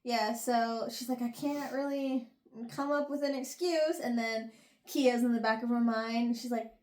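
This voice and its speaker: A woman's voice: fairly high pitch, steady tone, moderate pace, a little mellow. A young woman hosting a casual book review chat, giggling and acting out the characters' lines. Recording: echoey room.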